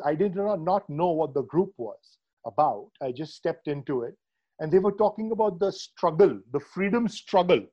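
A man's voice: on the high side, dark tone, highs cut off. A man hosting a conversational interview over a video call, thoughtful and hesitant, with many fillers and restarts. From India. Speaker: podcast host. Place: Srinagar.

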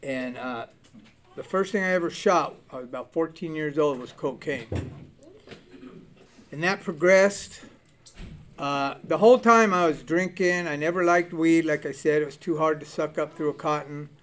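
A man's voice: on the high side, normal speed, a bit bright. A man in his sixties from Southern California telling his recovery story bluntly and profanely, acting out the people in it. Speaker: recovery speaker. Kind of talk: personal testimony, storytelling.

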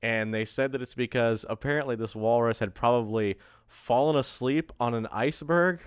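A man's voice: medium pitch, normal speed, clear, resonant tone, no room sound, clean studio sound. A man co-hosting a podcast in a casual, jokey chat, laughing often and rambling through his stories. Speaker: podcast co-host.

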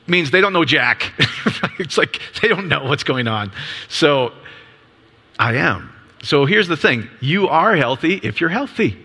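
A man in his fifties preaching in a relaxed, chatty way, his voice bright and forceful. He keeps tossing out rhetorical questions to the congregation, upbeat and easygoing. His words ring out with a long reverb through a church hall. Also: a little high, unhurried, husky. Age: 50s. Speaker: ministry leader. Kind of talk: casual sermon.

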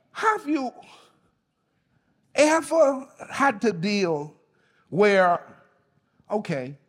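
A man's voice: extremely high pitch, fairly bright tone, husky, big-room sound. A man preaching a sermon as pastor, speaking emphatically and calling on the congregation to respond. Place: church.

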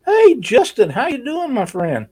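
A man's voice: very high voice, wildly swooping pitch, unhurried, a little mellow, breathy edge, no room sound, low-quality recording. A man co-hosting a live stream giveaway in a casual, folksy way, reading chat comments aloud.

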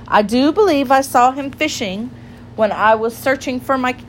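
A woman's voice: sits high, moderate pace, a little hiss or hum, voice pushed up, lightly acted, low-quality recording. A woman reading a storybook aloud and voicing a curious, polite young girl with an eager manner.

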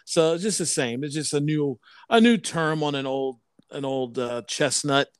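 A man in his thirties co-hosting a casual podcast, talking in halting, stop-start bursts. His voice sits a little high for a man, and it sounds close and dry on the mic, with almost no room around it. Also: clear, resonant tone, dry recording. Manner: halting, repeats words and restarts often. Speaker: podcast co-host.

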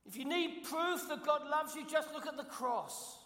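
A man's voice: very high voice, normal speed, pushed and bright. A man from London with a London accent, preaching a sermon as guest pastor, emphatic and repetitive, asking the congregation questions. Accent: London English. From London, England. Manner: emphatic, repeats key phrases, asks the congregation questions. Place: church sanctuary. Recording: echoey hall, long reverb.

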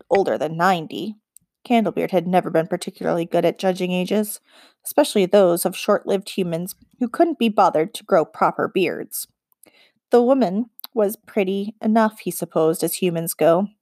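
A woman narrating a children's fantasy audiobook in an even, expressive storytelling voice. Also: mid-range voice, dry recording, clean studio sound. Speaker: audiobook reader.

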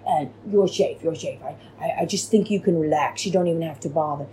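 A woman voicing a male reality show contestant who talks in a hushed, coaxing way. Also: low-pitched, fairly quick, a little hiss or hum, lightly acted, low-quality recording. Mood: conspiratorial.

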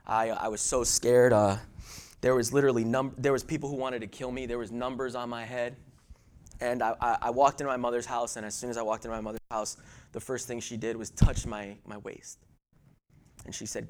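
Male pastor, middle-aged, emphatic sermon delivery with big loud-to-quiet swings and repeated restarts. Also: mid-range voice, little pitch movement, brisk, slight background noise. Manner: repeats words and restarts while telling a personal story.

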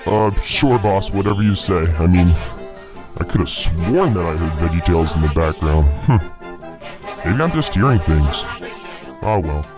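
A man's voice: low-pitched, animated, measured pace, music in the background, voice pushed down. A man voicing a dim, deferential male sidekick who calls the host boss, hesitating with many fillers. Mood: doubtful.

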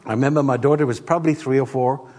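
A middle-aged man preaching a sermon as a pastor, an animated storyteller who acts out the voices in his stories. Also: medium pitch, racing, in a large hall.

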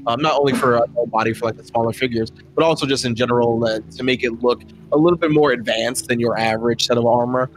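A man's voice: medium pitch, fairly even intonation, fast talker, few pauses. A man narrating as game master of a tabletop game, describing scenes in a rambling way full of ums and likes. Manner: rambling, many fillers.

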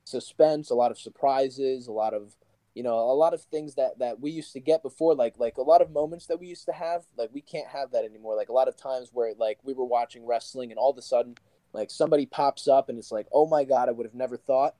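A man's voice: medium pitch, a little fast, dark tone, no room sound. Young man telling stories, full of likes. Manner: rambling, full of likes and you-knows. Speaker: guest pro wrestler. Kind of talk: casual interview storytelling.

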